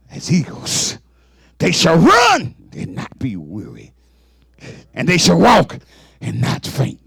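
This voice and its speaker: A man a sermon in a whooping, sing-song style, with sudden exclamations and rapid repeated words. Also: high-pitched, creaky, breathy edge, dry recording, clean studio sound. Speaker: preacher.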